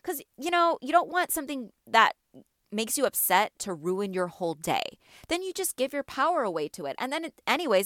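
A young adult woman hosting a wellness podcast, talking casually to mothers in a gentle, reassuring way, with many fillers and asides. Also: a little high, no room sound, clean studio sound. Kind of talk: casual solo podcast talk.

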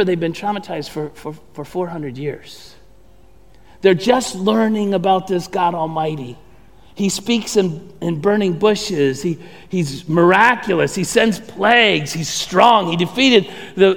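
A middle-aged man preaching a sermon as pastor, telling the story in a conversational, animated way with many restarts. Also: high-pitched, creaky, long reverb tail.

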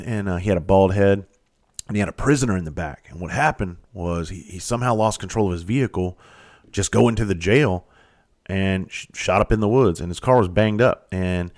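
A middle-aged firefighter telling a story in a casual monologue, blunt and profane, with no filter. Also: male voice, lowish voice. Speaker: firefighter and podcast host.

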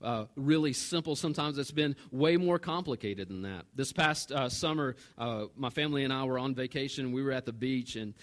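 A man, a pastor telling a personal story in a relaxed, self-mocking sermon. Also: medium pitch, brisk, hardly any pauses. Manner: conversational and self-mocking, with animated retold dialogue.

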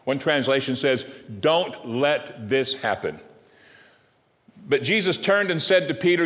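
A pastor preaching a sermon, halting and repeating words as he gathers his thoughts. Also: mid-range voice, expressive, a bit bright. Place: church sanctuary. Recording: long reverb of a church hall.

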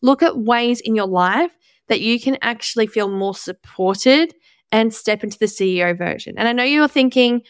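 Young woman, solo podcast host, blunt and motivational, raised pitch, smooth clear voice, dry close sound. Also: moderate pace, dry recording. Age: 20s. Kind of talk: casual solo podcast monologue.

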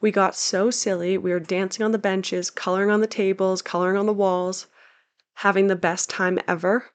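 A woman's voice: mid-range voice, little pitch movement, normal speed. A young woman talking through travel tips in a casual, upbeat, chatty way as a travel vlog host. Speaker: travel guide.

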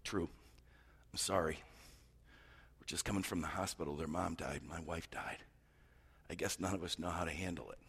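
A man voicing a grieving, apologetic father in a soft, halting, hushed voice. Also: low voice, steady tone, breathy edge, voice pushed down, exaggerated voice. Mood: subdued, sorrowful.

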